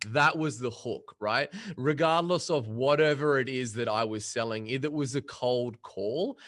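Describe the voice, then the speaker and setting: A man, a podcast guest telling punchy, energetic stories about his career in sales. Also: mid-range voice, a little slow. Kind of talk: casual storytelling interview.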